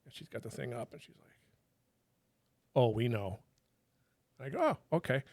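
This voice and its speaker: A man's voice: mid-range voice, moderate pace, dry recording, clean studio sound. A middle-aged man, a retired federal agent, telling stories casually and animatedly, swearing freely and acting out what others said. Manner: animated, swears freely, quotes people in their own voices. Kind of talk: casual storytelling.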